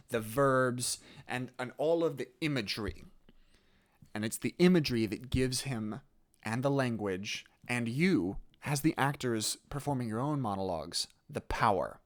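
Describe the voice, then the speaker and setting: Slow-talking male theatre teacher. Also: medium pitch. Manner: patient, explaining step by step. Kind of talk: recorded acting lesson. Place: voice-over on a screen recording.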